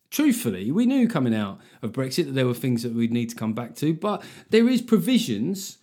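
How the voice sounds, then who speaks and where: A man's voice: medium pitch, sing-song, moderate pace, darkish tone. A man hosting his own podcast, talking in a rambling, sweary, self-mocking monologue. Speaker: comedian podcast host.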